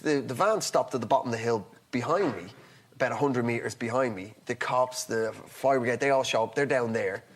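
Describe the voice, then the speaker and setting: A male comedian appears as a talk show guest with a medium-pitched voice. He tells a long anecdote in a rambling, halting way, restarting often and acting out the other people in the story.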